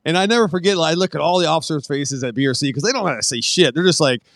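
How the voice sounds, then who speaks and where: Middle-aged guy rambling fast, swears a ton, laughs a lot, dead dry mic. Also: a little high, fairly bright tone, no room sound. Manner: profane, rambling, laughs often. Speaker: podcast guest. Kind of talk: casual storytelling chat.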